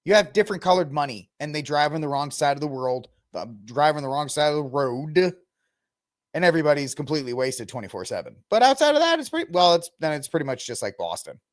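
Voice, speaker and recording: A sarcastic male podcast host who rants and mocks his subjects in loose, slangy commentary. His voice sits fairly high for a man, and he laughs often between jabs. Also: animated, quick pace. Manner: sarcastic, mocking, ranting. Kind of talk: casual news commentary.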